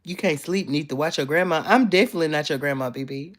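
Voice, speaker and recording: Low-voiced sassy young woman. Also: fast talker, few pauses. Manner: playful, sassy, teasing. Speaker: live streamer. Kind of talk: casual chat reading viewer comments. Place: bedroom, in bed.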